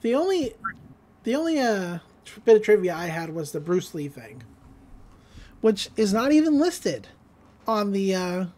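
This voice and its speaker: A woman's voice: medium pitch, sing-song, unhurried, pauses often, warm tone. A woman co-hosting a podcast, casually recapping an episode, laughing often and acting out quoted lines. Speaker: podcast co-host.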